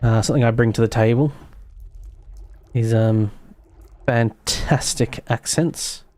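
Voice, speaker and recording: A man's voice: medium pitch, fairly even intonation, slow, darkish tone, no room sound. Sarcastic Australian man streaming a game. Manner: sarcastic, self-mocking, swears freely. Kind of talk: casual gaming commentary.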